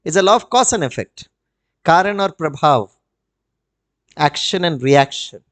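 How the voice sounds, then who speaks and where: A middle-aged man with an Indian accent gives an animated, storytelling spiritual talk and asks the audience questions. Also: fairly high pitch, unhurried. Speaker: spiritual retreat speaker.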